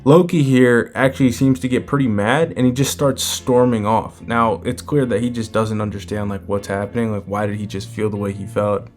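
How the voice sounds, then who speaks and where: A man giving a relaxed, casual recap of a manga chapter and chuckling as he retells its scenes. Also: fairly low pitch, moderate pace, few pauses, faint music behind.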